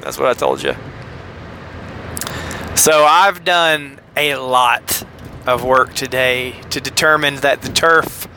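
A man's voice: mid-range voice, expressive, slow pace, long pauses, sharp tone, a little hiss or hum. A middle-aged man hosting a podcast in a chatty, joking, self-deprecating monologue. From American South. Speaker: podcast host. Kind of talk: casual rambling monologue.

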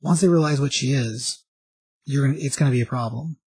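A man voicing a hulking, smart and aggressive monster who gives blunt, clipped commands in a husky, dry voice. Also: mid-range voice, brisk, a little mellow, no room sound. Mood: commanding.

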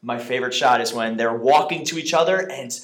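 A man in casual chat, eagerly retelling superhero movie scenes and acting out quick quotes. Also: mid-range voice, roomy sound.

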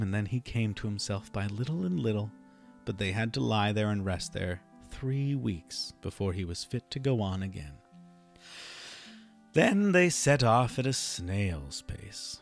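Gravelly male fairy tale reader. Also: medium pitch. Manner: expressive, dramatic reading. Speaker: storyteller.

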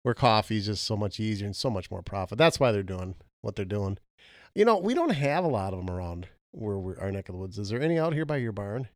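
A man's voice: lowish voice, very animated, a little fast, dry recording, clean studio sound. A middle-aged man co-hosting a podcast, chatting casually and joking at his own expense, often laughing. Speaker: podcast co-host. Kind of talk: casual chat. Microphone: podcast mic.

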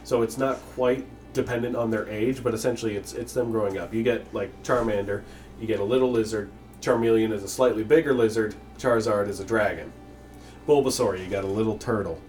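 Rambling, goofy low-voiced co-host. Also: male voice, steady tone, fairly quick, darkish tone, far from the mic, soft background music. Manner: rambling, goofy, stumbles and restarts. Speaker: podcast co-host. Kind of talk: casual podcast chat.

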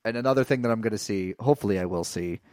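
A man's voice: on the low side, very fast, darkish tone, no echo, clean studio sound. A young man co-hosting a casual sports podcast, rambling with lots of filler words. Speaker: podcast co-host.

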